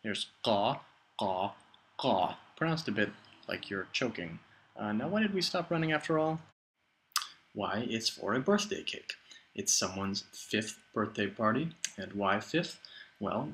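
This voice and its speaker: A male language teacher walks learners through the alphabet, drawing out each sound and repeating it in a playful, patient way. His voice sits fairly low, yet it comes across bright and forceful. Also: low-quality recording. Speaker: Arabic teacher. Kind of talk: explanatory lesson narration.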